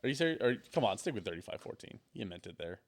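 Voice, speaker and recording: A man's voice: on the low side, very animated, rapid-fire. A man co-hosting a sports podcast in loose, joking chat, swearing freely. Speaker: podcast co-host.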